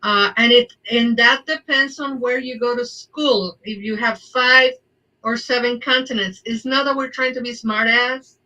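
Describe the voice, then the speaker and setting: Woman, guest, explaining, bright voice, higher pitch. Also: steady tone, measured pace, distant mic, dull audio. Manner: explanatory, keeps checking in with "right?". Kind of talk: live online chat.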